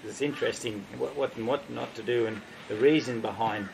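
A man's voice: medium pitch, fairly quick, vocal fry, noisy background. A man with an Australian accent, a horse trainer explaining in a rambling, casual way with fillers and restarts, now and then acting out what a horse would say. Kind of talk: casual spoken teaching.

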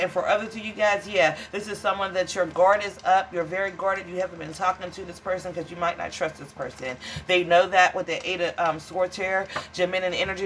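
A woman's voice: fairly low pitch, a bit bright, slight background noise. A woman giving a casual tarot reading to viewers, blunt, profane and dramatic, calling them honey and child. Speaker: tarot reader.

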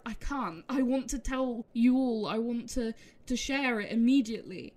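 A woman gaming creator, emotional and rambling, speaking haltingly and repeating herself. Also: on the high side, a little mellow. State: emotional, close to tears. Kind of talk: emotional video outro.

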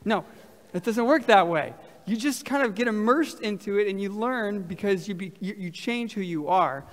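A man preaching a sermon to a congregation, lively and talking with the crowd. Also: high voice, moderate pace. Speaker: pastor. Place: large church hall. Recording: reverberant church hall.

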